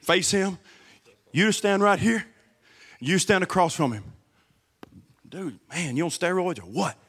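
A man's voice: sits high, expressive, unhurried, a bit bright, husky, big-room sound. A middle-aged man preaching a sermon, emphatic and repeating key words to the congregation. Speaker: guest pastor. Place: church sanctuary.

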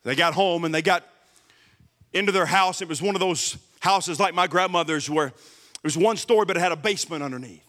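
A man's voice: fairly high pitch, brisk, a bit bright, in a large hall. A middle-aged man preaching a sermon, emphatic and repeating key words to the congregation. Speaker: guest pastor. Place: church sanctuary.

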